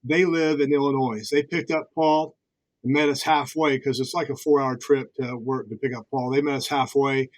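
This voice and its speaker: A man's voice: mid-range voice, fairly even intonation, normal speed, dry recording. A man hosting an interview, asking loose, rambling questions. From Indiana, USA. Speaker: podcast host. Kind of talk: casual interview.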